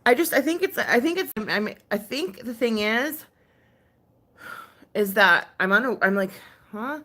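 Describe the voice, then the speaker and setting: A woman's voice: on the high side, animated, a little slow, a bit bright. A woman ranting casually on a stream, exasperated and full of sighs, fillers and swearing. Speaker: ASMR creator ranting on a live stream. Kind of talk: casual rant.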